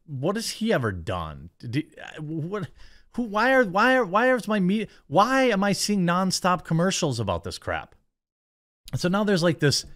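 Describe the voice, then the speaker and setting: A man's voice: medium pitch, fairly bright tone. An American man hosting a commentary show, ranting in a sarcastic, dismissive and rambling way. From United States. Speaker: host. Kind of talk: commentary rant.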